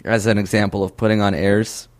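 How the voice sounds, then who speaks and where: A man's voice: fairly low pitch, flat delivery, brisk. A man hosting a casual chat, joking, asking questions and swearing freely.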